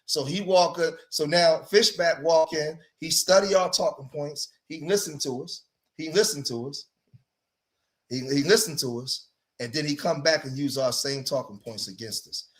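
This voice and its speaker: A man's voice: a little high, normal speed. A man hosting a livestream, delivering emphatic, preachy commentary, repeating himself and saying "man" often. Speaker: streamer and commentator.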